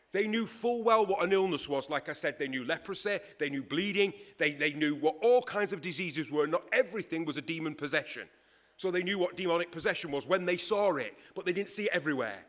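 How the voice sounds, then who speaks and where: A man preaching a sermon in a conversational, emphatic way, with dramatic pauses. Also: sits high, a bit bright.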